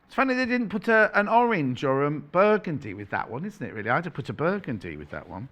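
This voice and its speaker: A man's voice: on the high side, sing-song, fast, fairly bright tone. A man presenting on a shopping channel, chatting playfully in live sales patter, correcting himself and reading out prices as he goes.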